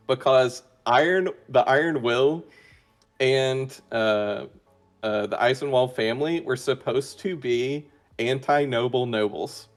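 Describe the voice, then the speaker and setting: A man's voice: medium pitch, takes it slowly. Man rambling with lots of ums. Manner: hesitant, many fillers and restarts. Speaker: interview guest, roleplay player. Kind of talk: casual chat.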